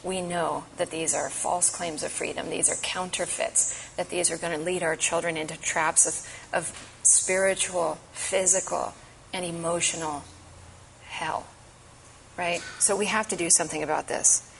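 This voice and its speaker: A woman's voice: lowish voice, fairly even intonation, unhurried, gravelly, fairly bright tone, a little hiss or hum, rough recording. A woman giving an impassioned, emphatic advocacy talk at a church event. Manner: earnest, emphatic, urgent.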